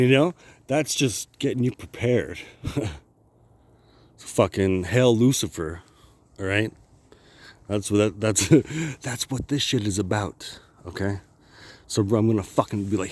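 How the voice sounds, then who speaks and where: A man's voice: fairly low pitch, darkish tone. A man vlogging a rambling personal story, swearing constantly, laughing often and restarting his sentences.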